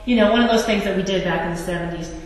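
A woman's voice: mid-range voice, rapid-fire. Wry woman pastor in an echoey church. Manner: conversational and wry, with asides to the congregation. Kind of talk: sermon. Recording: echoey church hall, distant mic.

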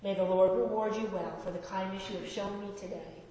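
A woman reading the lines of a humbled, remorseful older king in a slow, wavering voice. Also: medium pitch, steady tone, warm tone, lo-fi sound, close to an everyday voice. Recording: echoey hall reverb.

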